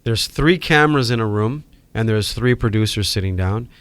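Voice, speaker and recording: A middle-aged man from Hawaii with a Hawaiian accent, telling animated stories as a podcast guest. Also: on the low side, normal speed, no echo. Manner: animated storyteller acting out quoted voices. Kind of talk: storytelling in a podcast interview.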